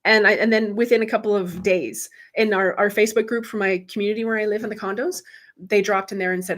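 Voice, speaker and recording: A woman's voice: medium pitch, fairly quick, sharp tone. A woman working as a spiritual medium, chatting casually with viewers on a live stream, swearing freely and laughing often. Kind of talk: casual livestream chat with viewers.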